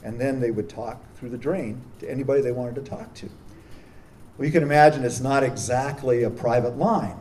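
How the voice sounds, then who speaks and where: A man's voice: mid-range voice, fairly quick, darkish tone. A man speaking as a prison chaplain, telling a story earnestly, with frequent restarts. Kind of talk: storytelling talk. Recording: distant mic with faint noise.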